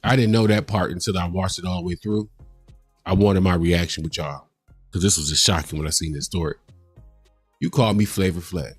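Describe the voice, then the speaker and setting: Male stream host, low voice, dry close mic, profane animated rant. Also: a little fast, slightly rough, no room sound, faint music behind. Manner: animated, profane, heated ranting. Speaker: host of a reaction livestream. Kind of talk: casual reaction commentary.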